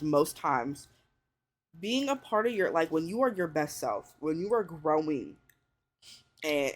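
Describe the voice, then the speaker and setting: A thirty-year-old woman chatting casually to viewers and giving advice, blunt and full of swearing, with lots of "like" and "you know". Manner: swings into high excited pitch when riled up. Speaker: vlogger.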